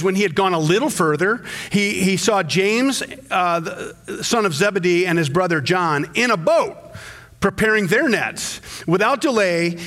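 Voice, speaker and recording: Male pastor, middle-aged, high voice, lively sermon, jumps up to act out quotes. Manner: animated storytelling, acting out quotes with sudden jumps up in pitch.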